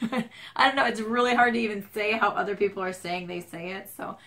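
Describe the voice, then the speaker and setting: Midwestern woman, gravelly creaky voice, stuffed-up strained voice, rambling casual vlog chat at home. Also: mid-range voice, brisk, sharp tone. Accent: Midwestern American. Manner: rambling, self-deprecating, chatty. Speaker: vlogger. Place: home at night, dim lighting. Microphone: camera mic, handheld shaky camera.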